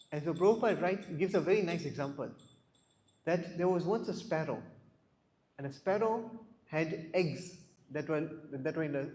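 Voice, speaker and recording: A man's voice: a little high, darkish tone. A man giving a scripture class, asking the listeners questions and telling stories, often repeating words. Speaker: class speaker. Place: temple hall. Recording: echoey hall.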